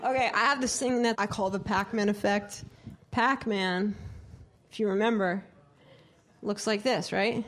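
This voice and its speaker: A woman's voice: medium pitch, steady tone, a little slow. Woman leading a singing workshop. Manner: interactive, asks the group questions; demonstrates by singing words. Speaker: choir director and singing teacher.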